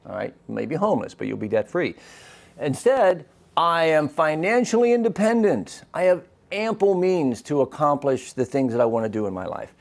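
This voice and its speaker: A man's voice: mid-range voice, darkish tone. A man, a physician giving a live lecture, who talks to the audience and asks them questions.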